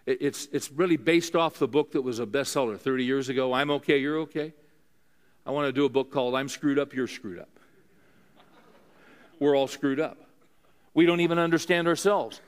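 A man preaching a sermon to a room of men, conversational and earnest, often asking his listeners questions. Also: medium pitch.

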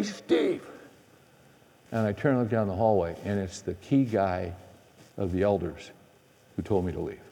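Husky-voiced middle-aged male preacher, echoey hall. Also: lowish voice. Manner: animated storyteller, swings from excited to hushed. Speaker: preacher and men's conference speaker. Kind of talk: storytelling sermon.

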